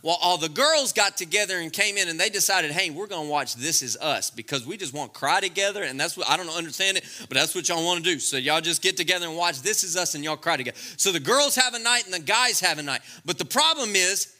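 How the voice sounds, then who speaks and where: A man delivers a comic sermon. His voice sits high and swings widely in pitch, with a very bright, sharp edge. He plays to the crowd and slips into funny voices for the scenes he retells. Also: animated, fast talker, hardly any pauses. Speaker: pastor. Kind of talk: lively comedic sermon.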